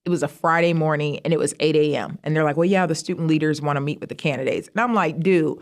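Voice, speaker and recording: A middle-aged woman who serves as a university vice president of student affairs tells stories as a guest in a casual interview. She talks fast and animatedly, her pitch jumping high whenever she quotes herself.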